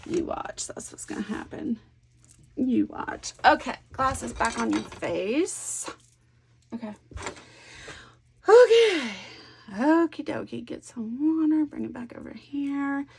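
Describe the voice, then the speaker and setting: A woman chatting casually to camera as she works on a scrapbook layout, telling stories in a friendly, rambling way with quiet asides. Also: high voice, a little slow, gravelly, a little hiss or hum. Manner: chatty, warm storytelling with soft asides. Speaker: scrapbooking vlogger. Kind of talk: casual chat while crafting.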